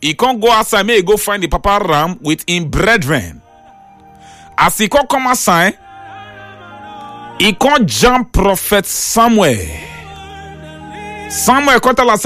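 A Nigerian-accented man retells Bible stories as a preacher, swooping through a very lively, high-set voice. His delivery is dramatic, playful and sing-song. Faint music plays behind him. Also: unhurried, pauses often. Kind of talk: animated Pidgin Bible storytelling.

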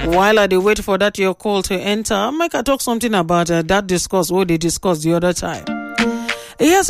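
Gravelly Nigerian woman radio host. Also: mid-range voice, no room sound. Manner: chatty, opinionated storytelling. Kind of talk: casual radio talk.

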